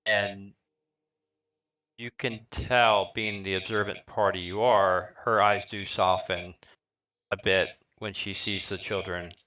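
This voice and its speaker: A middle-aged man narrating a live-streamed tabletop game as dungeon master, describing scenes in a halting way with lots of fillers. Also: low voice, little pitch movement, sharp tone, lo-fi sound.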